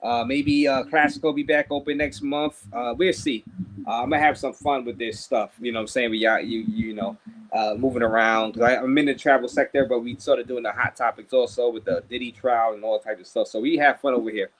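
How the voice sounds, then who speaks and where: A man's voice: medium pitch, fairly even intonation, fairly quick. A man hosting a casual livestream, thanking viewers and stumbling over repeated words while he drinks. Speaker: livestream host.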